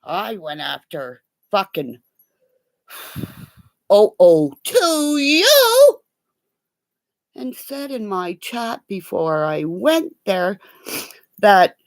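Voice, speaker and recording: A woman in a rambling, profane livestream rant that breaks into sudden shouting. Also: medium pitch, wildly swooping pitch, drawn-out words, long pauses, dry recording, studio quality. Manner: profane, erratic, bursts into shouting.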